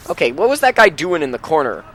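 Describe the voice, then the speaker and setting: Man, casual gaming commentary, deadpan sarcasm, quiet muttered asides, light background hiss. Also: a little high, fast. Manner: dry sarcastic joking, dropping to a mutter. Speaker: co-commentator watching the game. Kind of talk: casual let's play commentary.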